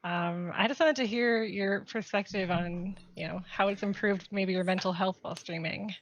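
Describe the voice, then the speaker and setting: A woman's voice: medium pitch, steady tone, moderate pace, dull audio, slight background noise. A woman guest streamer in casual chat, hesitant with many "um"s and laughing often.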